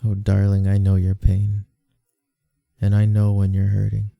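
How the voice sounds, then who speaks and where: A man playing a gravelly soft-spoken boyfriend. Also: lowish voice, completely flat delivery, a little slow, no room sound, clean studio sound, faint music behind. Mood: tender. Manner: soft, pleading, apologetic. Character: gentle, devoted young male boyfriend. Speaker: comforting boyfriend. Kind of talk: whispered role-play.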